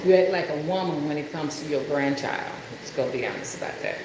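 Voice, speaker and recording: A woman's voice: low-pitched, a little fast. An older woman hosting a casual live stream from her kitchen, chatty and teasing, laughing often. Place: hot kitchen at home. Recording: echoey room with background noise.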